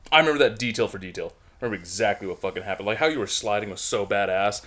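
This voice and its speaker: A young man co-hosting a podcast, chatting casually, excitable and profane. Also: lowish voice. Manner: excitable, profane, quick to laugh. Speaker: podcast co-host. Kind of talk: casual chat.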